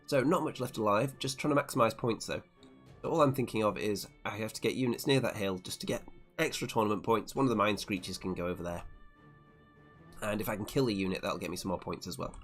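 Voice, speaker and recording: Lowish male voice, wry battle-report narration. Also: fairly quick, pauses often, soft background music. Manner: wry, self-deprecating play-by-play. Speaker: tabletop wargame channel host.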